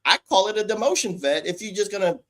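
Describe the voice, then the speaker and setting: A man co-hosting a casual wrestling podcast, animated and fond of calling himself by a title in the third person. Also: high voice, quick pace. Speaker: podcast co-host.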